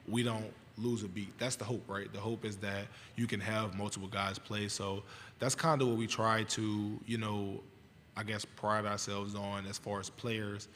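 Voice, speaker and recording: A young man from Louisiana answers press conference questions in a low, flat, calm voice, pausing with fillers and restarts. The sound carries the long reverb of a large hall with faint background noise. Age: 20s. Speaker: college football player at press conference.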